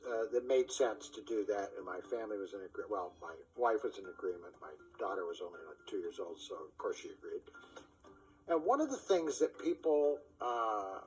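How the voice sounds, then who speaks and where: A man's voice: mid-range voice, husky, rough recording. A man reflecting on a past decision, acting out what other people said to him. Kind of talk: personal story.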